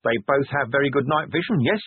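A man's voice: medium pitch, fast talker, breathy edge, dry recording, voice pushed up, natural voice. A man voicing an earnest, polite young male watch captain who keeps saying sir in an audiobook. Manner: respectful and eager, says sir. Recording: tinny narrow-band audio.

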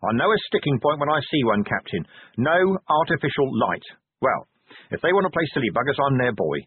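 A male narrator voices a weary, middle-aged police commander who is blunt, cynical, and gruff, snapping out short retorts. The husky voice moves fairly quickly with big pitch swings. The audio is dry and tinny, like narrow-band sound, with no room sound.

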